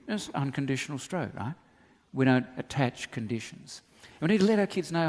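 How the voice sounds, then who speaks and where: A middle-aged Australian man preaching a sermon as pastor, telling animated stories with humorous asides. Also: fairly high pitch, quick pace. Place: church hall. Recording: long reverb of a church hall.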